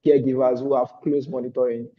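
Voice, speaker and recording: A man's voice: mid-range voice, little pitch movement, fast. A man giving a hesitant update on an online call, with many fillers. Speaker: fellowship student. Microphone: video call. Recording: dull lo-fi call audio.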